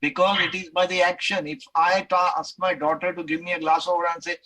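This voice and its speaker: A middle-aged Indian man with an Indian English accent lectures and takes questions. His voice sits high for a man and rings bright and forceful. He talks in an animated way and acts out the voices he quotes. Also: fast talker, rough recording.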